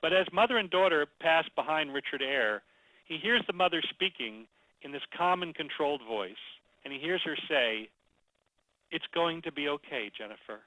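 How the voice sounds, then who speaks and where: A man presenting a storytelling webinar in a conversational, animated way, telling a story as he teaches. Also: on the high side, normal speed, dry recording, poor audio. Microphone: computer mic, webinar audio.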